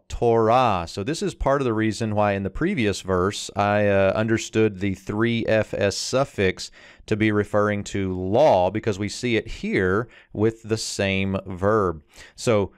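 A man walks through the grammar of an ancient verse in a lower, smooth, resonant voice. He is recorded dry and close, with no room sound. He explains steadily, slows down to read phrases aloud, and fills pauses with an occasional "uh.". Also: no echo. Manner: explanatory, with frequent "uh" fillers and slowed readings of Hebrew. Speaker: Hebrew teacher.

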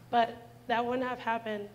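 A woman's voice: fairly high pitch, fairly bright tone, a little hiss or hum, low-quality recording. A woman in her twenties giving a heartfelt personal testimony in a church, speaking earnestly and directly to the congregation. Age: 20s.

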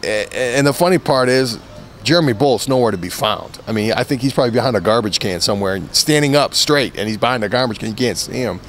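A man's voice: medium pitch, fast talker, fairly bright tone, slight background noise. A man, a former fighter, giving an interview and telling a long anecdote in a loose, rambling way full of restarts. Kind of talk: casual storytelling interview.

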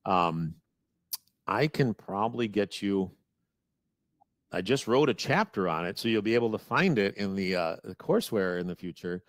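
Deep-voiced man with a Wisconsin accent. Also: animated, moderate pace, no room sound, studio quality. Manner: rambling, many restarts and fillers. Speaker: guest presenter. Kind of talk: webinar Q&A, casual explaining.

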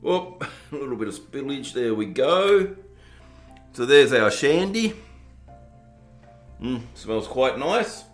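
This man's mid-range voice swings widely in pitch as he speaks slowly, pausing often. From southern Tasmania, with an Australian accent, he chats and jokes while reviewing drinks for his home video channel, poking fun at himself and exaggerating poshness for comic effect. The audio is echoey and roomy, with faint music underneath.

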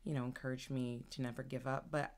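Deep-voiced female co-host, earnest and reflective. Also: level tone, quick pace. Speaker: podcast co-host. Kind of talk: casual chat.

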